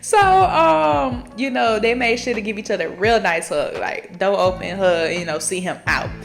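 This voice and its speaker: A woman's voice: mid-range voice, normal speed, creaky, soft background music. A woman hosting a book podcast, recapping a story in a casual, slangy, profane way and talking straight to her listeners. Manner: chatty, slangy and profane, addresses listeners directly.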